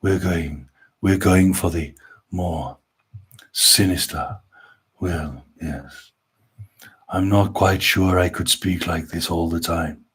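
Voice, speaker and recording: A man putting on a dark, eerie, posh-sounding sinister voice, slow and drawn out, during a live stream. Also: sits low, steady tone, slightly rough, voice pushed down, full character voice.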